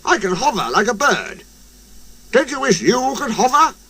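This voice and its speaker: A man's voice: sits high, measured pace, gravelly, a little mellow, breathy edge, pitched above the performer's own voice, heavily acted. Man doing a haughty, stuck-up helicopter. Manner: haughty, airy. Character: proud, bored male helicopter, stuck-up. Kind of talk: storybook voice acting.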